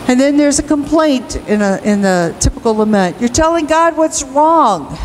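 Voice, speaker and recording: A woman pastor preaching a sermon in a church, slow and emphatic, rising into cries at times. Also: on the high side, lively intonation, darkish tone, slight background noise, poor audio. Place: church sanctuary.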